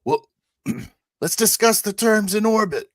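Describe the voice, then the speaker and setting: Blustering space rogue, shouted and high-pitched , player-voiced, dry close. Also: male voice, extremely slow, no echo. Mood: threatening. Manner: loud, threatening, taunting.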